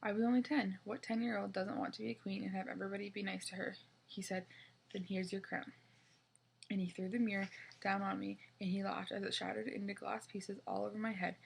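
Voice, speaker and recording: A woman's voice: medium pitch, little pitch movement, brisk, vocal fry, slightly rough, rough recording. A woman voicing a cunning, icy queen who taunts in a sing-song way, in a storybook reading. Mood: bitter.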